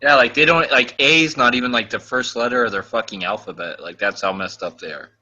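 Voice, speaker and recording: Bright-voiced man in crude banter. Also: medium pitch, a little fast, muffled recording. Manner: crude, laughing banter full of "like". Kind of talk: casual voice chat.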